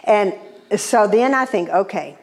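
Woman, mid-pitched voice, animated and humorous testimony storyteller. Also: measured pace. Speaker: speaker.

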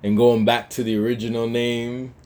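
A man's voice: medium pitch, little pitch movement, moderate pace, darkish tone. A man co-hosting a casual talk show, chatting loosely with lots of fillers and restarts. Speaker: podcast co-host. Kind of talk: casual chat.

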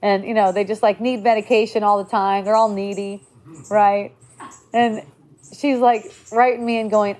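A woman's voice: mid-range voice, steady tone, moderate pace. Woman, mid-range voice, casual spiritual teacher; chatty, filler-heavy, swears freely. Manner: loose and conversational, frequent "like" and "right?", blunt swearing.

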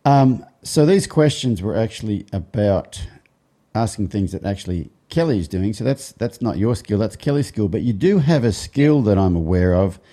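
A man's voice: lowish voice, animated, moderate pace, mellow. A man hosting a podcast, joking and giggling as he asks his guest questions. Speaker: podcast host. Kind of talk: casual interview chat.

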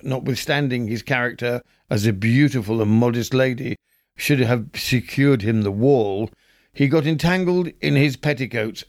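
A man's voice: mid-range voice, no echo. A man hosting a history show, reading an old newspaper story aloud with dry, theatrical delivery. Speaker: host.

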